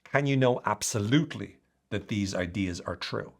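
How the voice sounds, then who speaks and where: Low-voiced man coaching. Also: moderate pace, vocal fry. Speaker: self-help coach. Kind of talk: talking-to-camera lesson.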